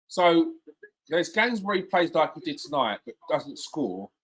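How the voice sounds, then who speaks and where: A man hosting a live football watchalong, reacting excitedly, shouting at players and swearing. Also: a little high, a little slow.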